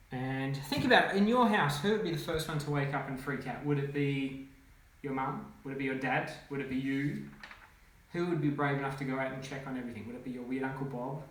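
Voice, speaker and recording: A man, a children's author, reading his own picture book aloud with playful, animated commentary and sound effects. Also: medium pitch. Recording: echoey room, faint noise.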